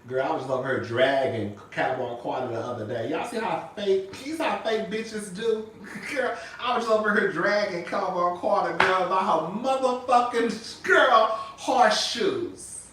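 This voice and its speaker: With a high-pitched, fairly bright voice at normal speed, a male vlogger sassily chats to his viewers. Flamboyant, he says "girl" and "honey" nonstop and breaks into singing and laughter. He's recorded from a distance, off-mic in an echoey room, with slight background noise.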